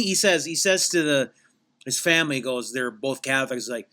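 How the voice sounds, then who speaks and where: Male podcast host, meandering deadpan comic storyteller, bright tone. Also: on the high side, a little fast. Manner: meandering, self-correcting, deadpan tall tale.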